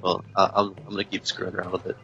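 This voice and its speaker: A man's voice: sits low, completely flat delivery, rapid-fire, gravelly, sharp tone, slightly rough, dull audio, soft background music. A man on a casual gaming podcast, rambling and unsure of himself, laughing at his own confusion. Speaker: podcast co-host.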